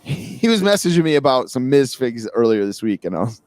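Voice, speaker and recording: A man's voice: mid-range voice, big pitch swings, darkish tone, no room sound. Chatty man from western Massachusetts. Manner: chatty, joking, quick asides. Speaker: podcast co-host. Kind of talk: casual chat.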